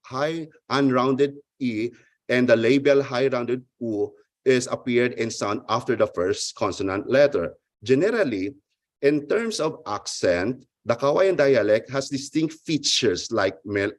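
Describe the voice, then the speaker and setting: A man's voice: medium pitch, no echo. A man presenting an academic research paper at a conference, reading carefully and stumbling over some words. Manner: halting, restarts words, careful formal reading. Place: online conference talk.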